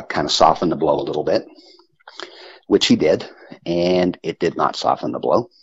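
A man with an extremely low, gravelly and husky voice tells a personal story, earnest and halting, often restarting his sentences. The call audio is dull and lo-fi. The sound is dry and close. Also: no room sound. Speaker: guest caller. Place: home phone call.

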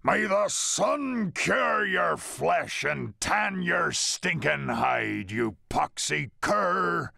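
A man's voice: a little high, big pitch swings, extremely slow, creaky, hardly any pauses, pushed and bright, dry recording, studio quality, voice pushed up, heavily acted. A man voicing a cruel male pirate captain who spits harsh, contemptuous insults. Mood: scornful.

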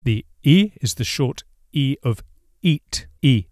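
A man teaches Spanish in scripted narration, his mid-range voice slow, a little mellow, and lively in intonation. He explains with patience and enunciates every example word carefully as a clear model, and the studio-quality recording has no echo.

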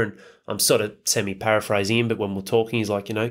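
A man's voice: on the low side, little pitch movement, fast talker. Blunt, swearing man. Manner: blunt and profane, rhetorical questions. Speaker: podcast host. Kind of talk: motivational monologue.

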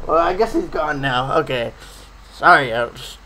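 A man's voice: a little high, moderate pace, crowd noise, poor audio. A man in a profane comedic rant, swearing constantly and stammering over his words. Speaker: comedy ranter.

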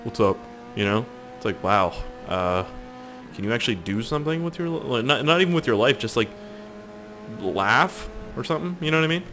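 A man's voice: medium pitch, expressive, brisk, noisy background. A young man giving casual, rambling gameplay commentary, swearing and joking with viewers. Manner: rambling, profane, jokey, talks to viewers. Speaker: gaming YouTuber.

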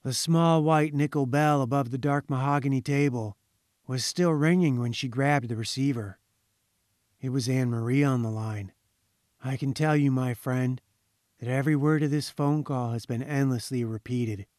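A man reading a haunting short story aloud in a measured, ominous storytelling manner. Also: medium pitch, darkish tone, dry recording, clean studio sound. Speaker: audiobook reader. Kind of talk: scripted narration.

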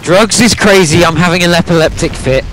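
A man commentating his own game, excitable, swearing constantly and yelling at his teammates. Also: sits high, a little fast, low-quality recording. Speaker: gamer. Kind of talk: let's-play commentary.

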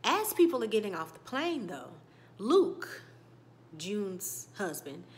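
A woman hosting a casual show recap, telling it in an animated way that swings from loud bursts to hushed whispers and reacts emotionally. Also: medium pitch, takes it slowly. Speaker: YouTube TV recap host.

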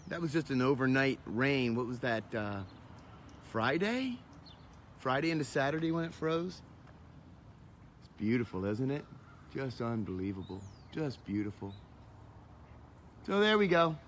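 A man's voice: mid-range voice, big pitch swings, a little slow, long pauses, fairly bright tone, slight background noise. A man who is a pastor, walking and chatting in a casual vlog, joking and mocking himself, first outside on the church grounds and then inside a sanctuary, talking into a handheld camera. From small-town Pennsylvania, USA. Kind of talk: casual vlog walk-and-talk.

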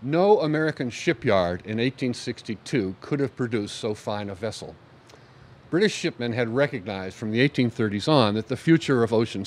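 A man giving a conversational history lecture to an audience, pointing at slides and stressing key words. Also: mid-range voice.

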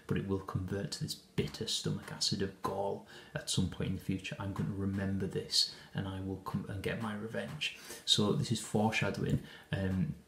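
A man's voice: on the low side, gravelly, echoey room, slight background noise. A man teaching a lesson, walking through a scene of a play in an explanatory way with frequent hesitations and restarts. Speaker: English teacher.

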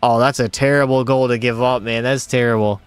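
In this live hockey game stream, the streamer calls plays excitedly and addresses his chat directly. His mid-range voice is clear and resonant, a little fast, with no echo, and faint music plays behind it.

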